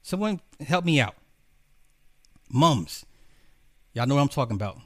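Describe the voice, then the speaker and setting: A man's voice: medium pitch, very animated, measured pace, fairly bright tone, dry recording. A man giving a casual, profane, rambling film rant, talking straight to his viewers. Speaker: streamer reviewing a film.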